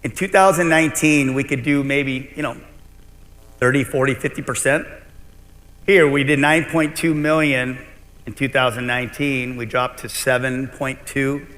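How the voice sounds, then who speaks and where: A man's voice: medium pitch, steady tone, normal speed, fairly bright tone. A middle-aged man giving a conference keynote as a restaurant owner, telling his story bluntly and animatedly, with some swearing. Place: large convention hall. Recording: long hall reverb.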